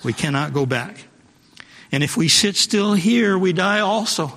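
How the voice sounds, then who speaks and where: An animated man with a high, slightly bright voice preaches at a measured pace in a church sanctuary. In a preachy style, he repeats phrases for emphasis and calls out to the congregation, and long hall reverb colors the sound.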